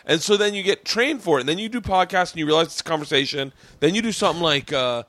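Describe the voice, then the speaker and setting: A comedian hosting a podcast, talking in a rambling, halting, profane way. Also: male voice, fairly high pitch, expressive, a bit bright, no echo. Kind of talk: casual podcast chat.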